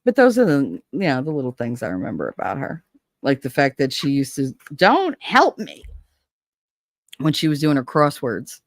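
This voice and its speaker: A woman's voice: very deep voice, sing-song, brisk, darkish tone, no room sound, studio quality. A middle-aged woman, chatting casually with viewers and telling stories with swearing and laughs. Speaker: livestream host.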